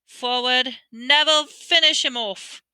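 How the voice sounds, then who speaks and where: A brisk, kindly male teacher calls out quick instructions to a class, as a woman reads him aloud. The tone is very bright and crisp, with a dry, close sound and no room echo. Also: high-pitched, voice pushed up, exaggerated voice. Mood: urgent commands.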